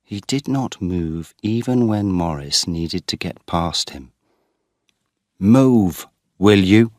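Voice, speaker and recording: Deep slow man reading a story. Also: dry recording, studio quality. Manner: slow, clear and expressive. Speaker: story reader. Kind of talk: scripted narration for English learners.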